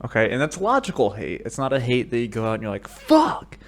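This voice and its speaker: A man from the United States talks solo into a studio mic in a loose, rambling monologue. His pitch swings widely from mutters to yelled outbursts, and he laces his stories with profanity. He sits at a middle pitch for a man. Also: very animated, fast. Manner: profane, rambling storytelling that bursts into shouted rants. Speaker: podcast host. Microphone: studio microphone.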